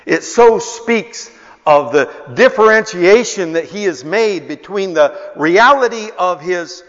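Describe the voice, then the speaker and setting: An older man preaching a sermon, telling a story with passion and building to near-shouts. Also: high voice, animated, slow pace. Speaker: pastor. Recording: echoey hall, dull lo-fi sound.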